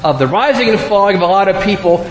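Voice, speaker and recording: A man's voice: high voice, lively intonation, fast talker, slight background noise. A man acting out an elderly prophet's words as he tells the story in a sermon, heard in an echoey hall with faint ambience. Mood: earnest.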